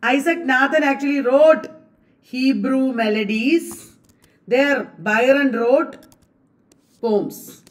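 Slow, distant-sounding woman teacher quizzing students. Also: high voice. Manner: quizzing students with repeated questions. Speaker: English literature exam coach. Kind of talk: exam-prep lecture.

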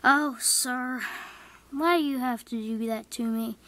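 Woman doing a small tank engine, whiny, high voice, slow. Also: a bit bright, no room sound.

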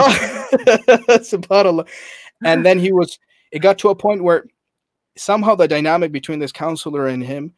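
In a dry recording, a man with a slightly high voice appears as a podcast guest coach. He retells a story with animation, quoting its characters, and his speech is full of fillers and restarts.

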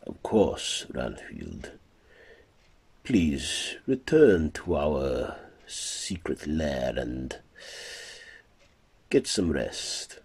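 A man voicing a suave male vampire count with a Romanian accent, low and measured. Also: very animated, creaky, a little mellow, husky, exaggerated voice. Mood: courtly.

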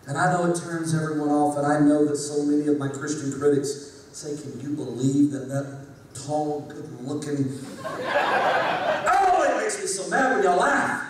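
Guy preaching w a high voice, big repeating rhythm, loud then hushed, recorded far off in a really echoey hall. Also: a little hiss or hum. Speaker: former pastor giving a talk. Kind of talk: preacher-style speech to an audience. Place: large hall with a live audience.

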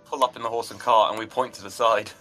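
A man playing in a tabletop game, eager and quick to react. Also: fairly low pitch, fairly even intonation, sharp tone, faint music behind. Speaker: player. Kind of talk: casual chat in a tabletop game.

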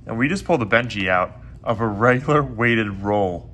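A man hosting a casual coin roll hunting vlog, chatty and quick to get excited, who is losing his voice. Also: on the low side. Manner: chatty, excitable when surprised. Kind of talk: casual hobby vlog narration.

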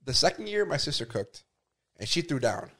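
Slightly high man with defensive banter. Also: sing-song, normal speed, crowd noise. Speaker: podcast co-host. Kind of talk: casual chat.

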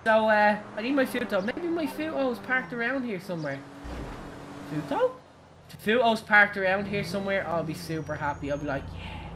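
A young Irish woman giving excitable, giggly live commentary while playing a driving game, shrieking at her crashes. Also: medium pitch, normal speed, slight background noise. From Ireland. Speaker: game streamer. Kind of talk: live gaming stream commentary.

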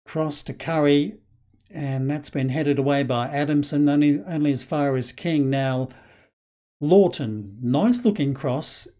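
A Scottish man giving casual, excitable play-by-play commentary over a football management game, with lots of fillers. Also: fairly high pitch, measured pace. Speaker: game channel host.

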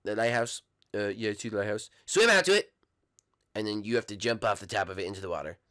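A man's voice: fairly low pitch, expressive, fast, pushed and bright, no echo, clean studio sound. A man voicing a nerdy, awkward cartoon boy sidekick in a fan game role-play, nervous and stammering.

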